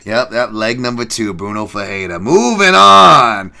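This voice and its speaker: A man hosting a casual betting podcast, profane and rambling, swinging from loud hype to low mutters. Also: animated, measured pace, vocal fry. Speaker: podcast host.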